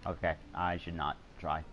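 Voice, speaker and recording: A young man in his teens giving excitable, jokey gameplay commentary while live-streaming, swearing often. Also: low voice, a little slow, highs cut off, a little hiss or hum. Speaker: gamer streamer.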